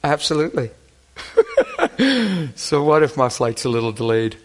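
A man preaching a sermon, telling stories in an animated way that swings from hushed to loud. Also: mid-range voice, moderate pace. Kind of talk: sermon storytelling.

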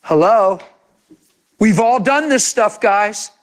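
A man's voice: sits high, animated, takes it slowly. A man preaching a sermon in an impassioned, conversational way, acting out imagined quotes.

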